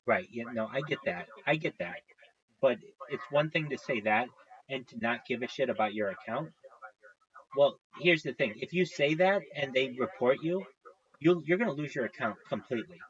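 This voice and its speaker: A man's voice: medium pitch, expressive, normal speed, highs cut off. Profane ranting male live streamer. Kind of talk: casual monologue to stream viewers.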